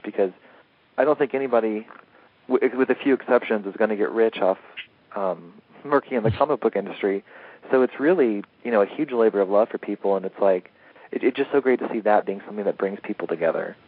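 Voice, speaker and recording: A man's voice: fairly low pitch, fast. A man being interviewed as a comics editor, talking casually and eagerly, rambling a little and laughing easily. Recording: tinny phone-line audio.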